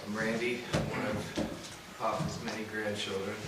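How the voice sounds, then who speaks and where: A man's voice: fairly low pitch, little pitch movement, normal speed, very noisy. A young man telling stories about his grandfather in a eulogy, with many "you know"s and restarts. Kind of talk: eulogy storytelling. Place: funeral service hall. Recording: echoey hall, mic from far off. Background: audience laughter.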